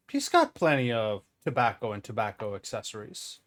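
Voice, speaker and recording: A man's voice: mid-range voice, huge pitch swings, moderate pace, fairly bright tone. A man narrating a tabletop role-play game as game master, rambling with asides.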